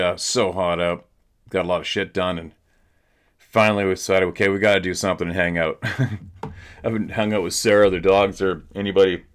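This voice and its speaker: A man with a low, fairly bright voice hosts a show from home, telling stories in a loose, laid-back chat. He swears freely and laughs a lot, recorded on a laptop camera mic.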